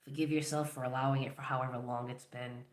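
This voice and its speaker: A tarot reader gives a collective reading, speaking directly to the viewer with steady encouragement and affirmation. The voice sits at a middling pitch. The recording has a noticeable room echo. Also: quick pace.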